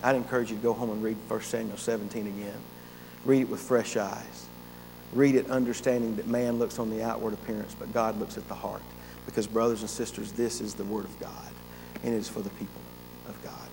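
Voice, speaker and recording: A male pastor preaching a sermon with dramatic pauses and surging emphasis. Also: fairly low pitch, flat delivery, gravelly, darkish tone. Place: church sanctuary. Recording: faint hum, long hall reverb.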